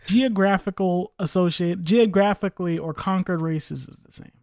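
A man's voice: sits high, normal speed, darkish tone, no room sound, studio quality. A man chatting casually on a podcast, opinionated and rambling, with frequent swearing. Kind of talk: casual chat.

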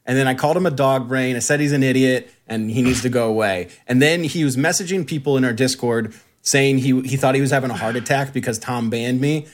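A man's voice: mid-range voice, brisk, few pauses. A man telling a mocking story in casual podcast chat, laughing often. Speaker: podcast co-host.

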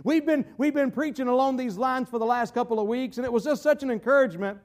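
Man, pastor, very high voice, folksy, emphatic sermon. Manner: folksy, emphatic, slows down to stress key phrases.

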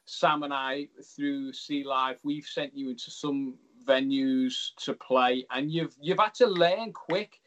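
Rambling host. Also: male voice, mid-range voice, slow pace, hardly any pauses, fairly bright tone. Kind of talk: casual interview chat.

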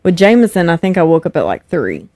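A young woman tells stories in a relaxed, chatty way, and her voice sits on the lower side for a woman. She brings the people in her stories to life by acting out their lines. The sound is dry and close. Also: very fast, no echo. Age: young adult. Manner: animated, acts out quoted voices. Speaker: podcast guest, host's wife. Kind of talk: casual storytelling chat.

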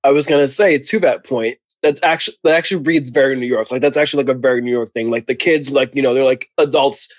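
A man's voice: mid-range voice, fast talker, few pauses, dry recording. A man co-hosting a podcast, chatting casually through a show recap, laughing often and acting out lines of dialogue. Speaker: podcast co-host.

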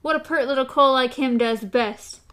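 A woman voicing a desperate male thug who shouts in a high, frantic voice with rough grammar. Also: moderate pace. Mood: accusing.

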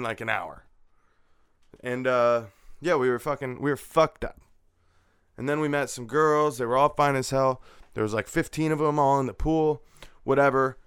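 A man's voice: medium pitch, a bit bright, smooth, dry recording, clean studio sound. A young man casually telling a rambling, profane anecdote, laughing now and then. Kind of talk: casual storytelling.

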